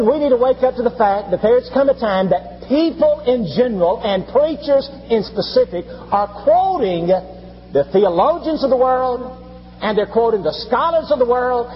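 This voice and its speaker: A man preaching a sermon from the pulpit, pleading and urgent, his voice rising to high peaks. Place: church sanctuary. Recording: lo-fi reverberant hall with hum.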